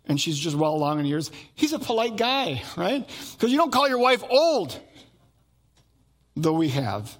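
A middle-aged male pastor preaching a sermon with animated storytelling, acting out the voices of people in his stories. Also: sits high, a little fast.

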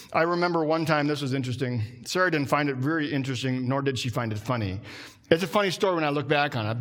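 A man preaching a sermon in a conversational way, slowing down and dropping his voice for emphasis. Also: a bit bright. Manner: conversational preaching, slows down and drops low for emphasis. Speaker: pastor.

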